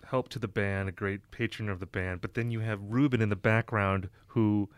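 A man's voice: fairly low pitch, fairly even intonation, normal speed, dry recording. A man hosting an interview, offering short affirmations and asking careful follow-up questions. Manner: brief affirmations, thoughtful questions. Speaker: podcast host.

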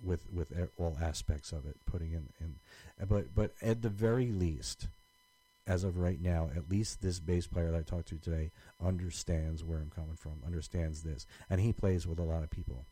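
A man's voice: deep voice, steady tone, normal speed, dark tone, low-quality recording. A man co-hosting a podcast in casual chat, rambling with many restarts and fillers. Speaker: podcast co-host.

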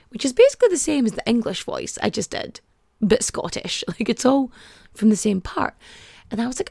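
A woman's voice: on the high side, sing-song, brisk, creaky, mellow, dry recording. A young woman hosting a podcast, rambling and chatty, packing her talk with "like". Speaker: podcast host. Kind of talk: casual podcast chat.

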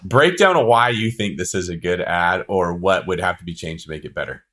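A man hosting a podcast interview, talking in an energetic way as he breaks ideas down into smaller pieces. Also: low voice, moderate pace. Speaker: podcast host.

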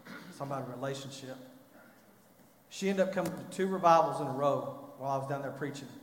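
A man preaching a sermon, telling a story and rising to loud, impassioned pleading. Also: mid-range voice, quick pace. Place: church. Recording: echoey hall.

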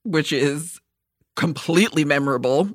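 A woman co-hosting a podcast in casual chat, who talks fast, goes off on tangents and swears. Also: sits low, dry recording, clean studio sound. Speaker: podcast co-host.

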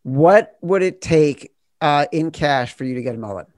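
A man hosting a podcast quiz game, blunt and quick to swear. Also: fairly high pitch, lively intonation, a little mellow, dry recording, clean studio sound. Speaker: game show host.

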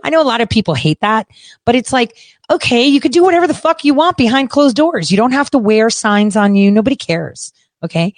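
A woman's voice: on the high side, animated, a little fast, no room sound. A woman hosting a talk show, ranting bluntly and sarcastically, with plenty of swearing. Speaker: podcast host. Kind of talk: ranting monologue.

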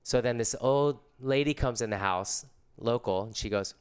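A man's voice: mid-range voice, normal speed, clear, resonant tone. A middle-aged man casually telling a story in laid-back, slangy surfer talk.

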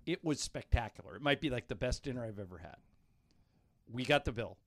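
Radio guy telling a story, middle pitch, dry studio mic, goes quiet and low doing other people's lines. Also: lively intonation, a little fast, vocal fry, no room sound. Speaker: radio show host. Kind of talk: casual studio banter.

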